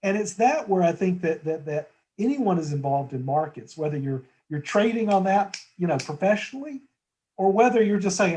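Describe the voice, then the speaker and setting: A man's voice: high-pitched, expressive, normal speed, a little mellow, poor audio. A man as a guest in a conversational market discussion, talking thoughtfully with frequent restarts and tag questions.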